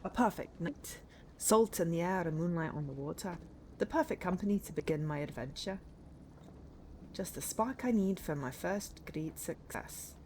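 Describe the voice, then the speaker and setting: A woman voicing a young adventurer setting out on a quest, in a light put-on Scottish accent, reading game lines in a measured, wistful way. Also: fairly low pitch, expressive, a little mellow, a little hiss or hum, lightly acted. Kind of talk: voicing a game's hero while streaming.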